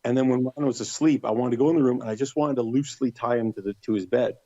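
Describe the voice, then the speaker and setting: A man's voice: medium pitch, quick pace, dry recording, muffled recording. A middle-aged man casually telling a story, acting out the other people's lines in livelier voices. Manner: animated, acts out voices in quotes. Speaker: podcast guest.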